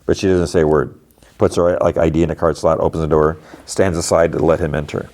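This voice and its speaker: With an extremely low, steady, slightly dark voice, this man talks briskly as a podcast host giving a casual movie and TV recap. He rambles through a TV episode, says "like" constantly, and acts out the quotes.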